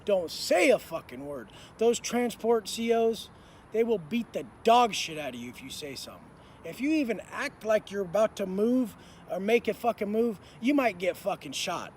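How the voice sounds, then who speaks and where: A man's voice: high voice, expressive, normal speed, slight background noise. A man telling a story in an intense, profane way, full of street slang. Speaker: motivational speaker. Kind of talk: storytelling monologue.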